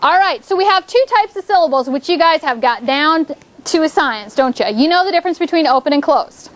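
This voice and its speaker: A woman's voice: high voice, expressive, a little fast. A woman teacher leading a classroom phonics lesson, upbeat and coaxing, making the drill into a playful points game.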